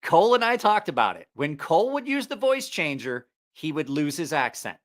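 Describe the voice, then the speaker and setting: A man with a slight Southeast Ohio accent hosts a casual livestream as a knife reviewer and channel host, wearing headphones and using a studio mic. His voice is fairly high with big pitch swings at a normal speed. He rambles, corrects himself, and keeps things chatty.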